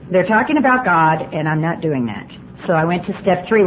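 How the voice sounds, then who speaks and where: At a recovery meeting, a woman with a lowish, expressive voice and moderate pace tells her personal story with candid, self-mocking humor. The recording sounds tinny and phone-like, with faint hiss.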